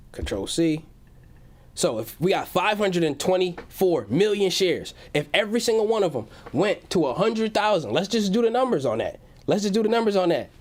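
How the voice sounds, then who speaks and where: A hyped young man chats on a livestream from his home, talking in loose slang and reading chat messages aloud. His voice sits a touch high for a man. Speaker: livestream host.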